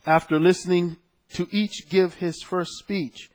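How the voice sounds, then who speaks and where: A man preaching a conversational sermon, moving between scripture readings and personal stories in a lively way. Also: high voice, a little slow. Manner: conversational, animated storytelling with scripture quotes.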